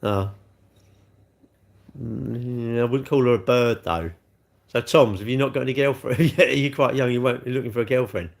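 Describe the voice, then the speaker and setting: A man's voice: mid-range voice, normal speed, gravelly. A middle-aged man hosting a casual livestream, chatting and answering viewer comments with swearing and rhetorical questions. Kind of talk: casual chat.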